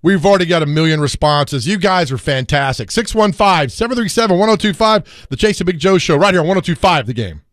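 Male sports-talk host, casual and jokey, higher voice, dry studio sound. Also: lively intonation, fast talker, few pauses, fairly bright tone, dry recording. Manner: jokey, laughs often, riffs on ideas. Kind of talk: casual sports radio chat. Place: radio studio.

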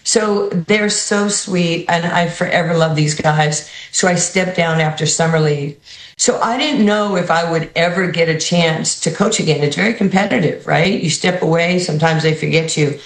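A woman's voice: lowish voice, moderate pace, reverberant, rough recording. A woman with a New York accent, a basketball head coach telling stories in an interview and acting out the people in them. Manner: animated, acts out the people in her stories. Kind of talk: storytelling interview answers.

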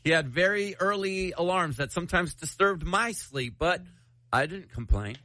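A man's voice: high-pitched, lively intonation, moderate pace, bright, forceful tone, no room sound, poor audio. A man hosting a morning radio show, chatting casually and reading a listener's letter aloud, laughing at himself.

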